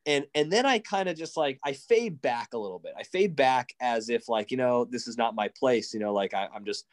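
A man, telling a racing story in a casual, excitable way and acting out quotes. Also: medium pitch, a little fast. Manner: animated, excitable, acts out quotes. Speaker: guest, racing driver coach.

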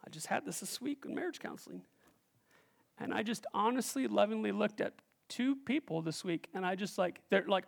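A man preaching a sermon as pastor, animated and calling out questions to the congregation, acting out the voices he quotes. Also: high voice, moderate pace, creaky.

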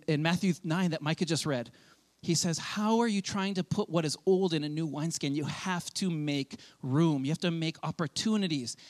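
A man, a pastor, preaching a sermon in a loose, conversational way, acting out quick quoted asides. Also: on the high side.

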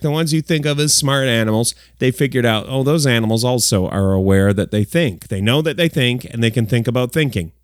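A man hosts a comedic news countdown. His voice sits a little high and swings widely as he throws in exaggerated asides. The studio sound is close and dry. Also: dry recording. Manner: animated, jokey, exaggerated asides. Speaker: host of a countdown segment.

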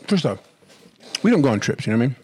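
A man co-hosting a casual podcast chat, playful and quick to laugh. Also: mid-range voice, sing-song, darkish tone. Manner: playful, laughs often, tells stories with acted-out quotes. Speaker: podcast co-host.

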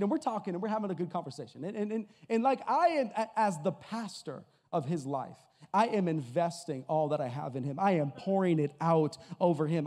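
A male pastor from Massachusetts preaching a sermon, telling a story with a joking, energetic delivery. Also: high-pitched. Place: church hall before an audience. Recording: hall with long reverb.

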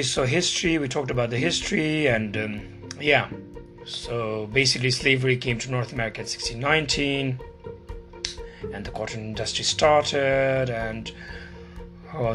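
A man's voice: fairly low pitch, pushed and bright. A young man from Nepal hosting a casual talk to camera, rambling and digressive with jokey, self-deprecating asides. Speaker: video host. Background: guitar music.

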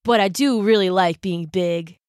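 A chill, easygoing young male hermit crab from a children's storybook, as a woman reads him, drawling his words like a surfer dude. The voice sits a little lower than her own, in a dry, close sound. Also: unhurried, darkish tone, no echo, close to an everyday voice. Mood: apologetic. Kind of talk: storybook reading.

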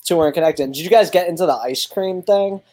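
A man's voice: high voice, quick pace, mellow. Chatty male co-host on a remote call. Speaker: podcast co-host. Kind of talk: casual podcast chat. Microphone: remote call audio.

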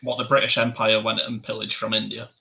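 A man's voice: lowish voice, level tone, fairly quick, gravelly, over a noisy crowd, rough recording. A man making wry, dry asides in casual podcast banter.

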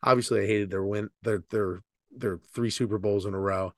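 A man's voice: fairly low pitch, moderate pace, no echo. Guy on a sports podcast going off about rival fans, swears a lot, dead dry mic. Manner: animated, profane sports ranting. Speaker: podcast co-host. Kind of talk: casual chat.

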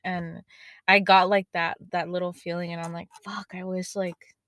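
A young woman podcast host telling casual stories with lots of swearing, animated and chatty. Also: on the low side, moderate pace, dry recording. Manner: swears a lot, animated storytelling. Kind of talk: casual chat.

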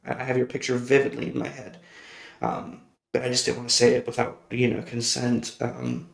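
In an echoey, roomy recording, a podcast host shares personal stories with a creaky, mid-range voice. His delivery is completely flat and a little fast, yet he rambles, corrects himself, and laughs often.

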